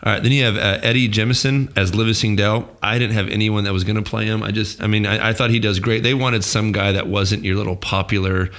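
A man's voice: fairly low pitch, steady tone, fast, few pauses, fairly bright tone. A man hosting a casual podcast chat, working through his notes and asking his co-hosts questions. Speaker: podcast host.

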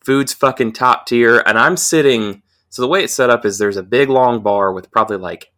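A man's voice: mid-range voice, moderate pace. A young man casually telling a rowdy, profanity-laced story on a podcast. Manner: profane, animated anecdote telling. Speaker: podcast co-host.

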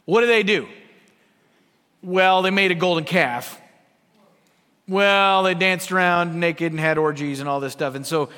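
A man preaching a sermon as pastor, swinging between hushed asides and loud emphatic lines, with humor. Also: on the high side, a little slow, long pauses. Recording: long reverb of a large hall.

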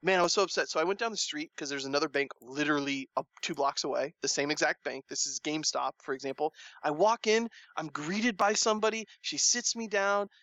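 A man chatting casually, telling a long story with animated delivery and acting out the people he quotes. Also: a little fast, hardly any pauses, dry recording. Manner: animated storytelling, acts out quoted lines with rising pitch. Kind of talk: casual chat.

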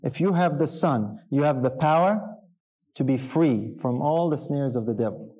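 A man's voice: medium pitch, expressive, moderate pace, mellow, breathy edge, rough recording. A man preaching a sermon to a congregation in an earnest, emphatic way, often putting questions to his listeners.

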